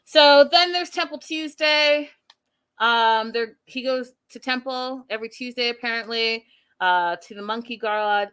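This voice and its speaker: A young woman hosting a casual reality TV recap, sassy and animated, acting out the people she talks about. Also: a little high, unhurried, smooth. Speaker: recap show host.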